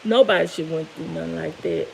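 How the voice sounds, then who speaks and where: Gravelly-voiced woman telling her story. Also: sits low, a little fast, slight background noise, rough recording. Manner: emotional, candid, tearful at moments. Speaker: vlogger. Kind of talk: personal storytelling to viewers.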